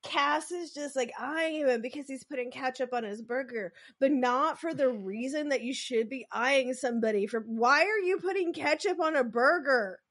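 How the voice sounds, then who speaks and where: Chatty woman with a fairly high voice. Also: normal speed, hardly any pauses, fairly bright tone. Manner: chatty, opinionated, heavy use of "like". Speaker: podcast co-host. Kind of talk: casual recap chat.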